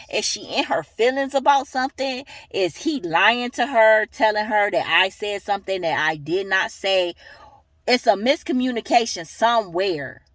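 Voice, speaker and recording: A woman's voice: medium pitch, a bit bright, no echo. A young woman ranting heatedly in a vlog, cursing and emphatic. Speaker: vlogger.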